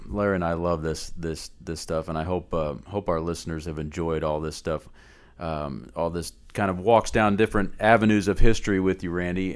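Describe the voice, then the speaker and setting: Man, podcast host, very low voice, casual chat, frequent fillers. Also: clear, resonant tone. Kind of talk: casual interview.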